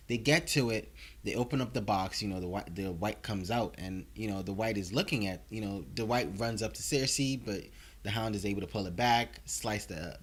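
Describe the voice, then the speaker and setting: A man casually recapping and reviewing a TV episode, rambling along with many filler words. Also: fairly low pitch. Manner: rambling, heavy on "you know" fillers.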